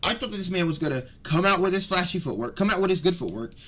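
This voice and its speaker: A young man giving a fired-up, rambling breakdown of a fight, swinging between loud rants and muttered asides. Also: sits high, lively intonation, quick pace. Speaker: MMA commentary vlogger.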